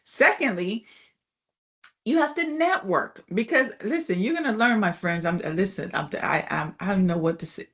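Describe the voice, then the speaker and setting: A woman instructor gives a relaxed lecture to a class on a video call. Her speech is conversational and full of "you know" and "right?" check-ins. A gravelly fry runs under her mid-pitched voice. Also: normal speed. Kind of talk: casual online class lecture.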